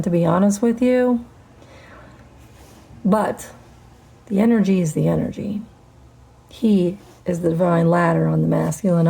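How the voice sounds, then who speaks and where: Middle-aged woman, spiritual host; dark, gravelly voice, slow and defiant, swears freely. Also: medium pitch. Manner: defiant, profane, drawn-out emphatic phrasing. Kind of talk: spiritual monologue to camera.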